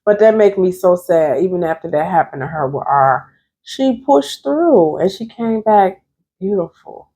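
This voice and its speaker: A woman with a low, warm voice, her highs cut off, talks straight to her viewers in a motivational vlog. She's a therapist and life coach, chatty and emphatic, and calls her audience "you all."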